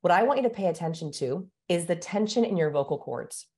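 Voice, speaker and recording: A woman's voice: fairly low pitch, expressive, fairly quick, mellow. A woman speaking as a guest expert on a podcast, explaining and demonstrating ways of speaking in a coaching manner. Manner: coaching, demonstrates vocal exercises. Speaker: guest expert on body language. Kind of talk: instructive podcast conversation.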